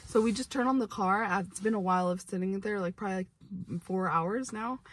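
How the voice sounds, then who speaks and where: In a brisk, mid-range voice, a young adult woman vlogs a casual story to camera. It meanders, with many restarts and lots of "like," and she sounds far away from the microphone.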